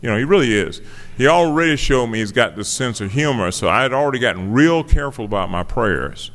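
A man of middle pitch tells his own story to a gathered audience in a relaxed, conversational way, with a wry, self-deprecating humor. His voice carries a long hall reverb, as if he is speaking in a big meeting room. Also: brisk. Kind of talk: personal testimony to a live audience.

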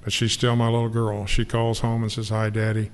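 An older man shares an earnest, emotional testimony about his recovery with an audience. He speaks briskly in a mid-range, monotone voice. There's long hall reverb and faint noise in the recording.

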